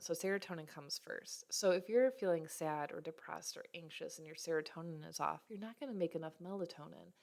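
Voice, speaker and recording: A woman's voice: fairly low pitch, a little mellow. A woman in her thirties who works as a health practitioner, explaining nutrition and brain health in a casual teaching talk, with small slips and self-corrections.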